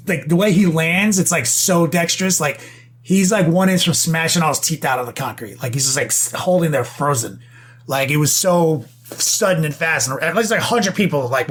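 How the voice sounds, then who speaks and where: A young man co-hosting a casual podcast, telling a story with lots of swearing and quick bursts of speech. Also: on the high side, fairly bright tone. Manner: profane storytelling with fast bursts. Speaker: podcast co-host.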